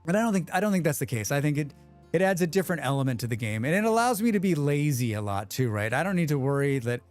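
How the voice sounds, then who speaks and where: A man hosting a live game stream, chatting quickly with viewers and thinking aloud as he plays. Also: on the high side, lively intonation, soft background music. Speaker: livestream game host. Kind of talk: casual live gameplay commentary.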